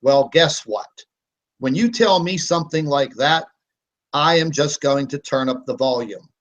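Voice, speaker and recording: A man's voice: fairly high pitch, animated, unhurried. A man hosting a live online hangout, talking in a defiant, combative rant with plenty of fillers. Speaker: host of a live online broadcast.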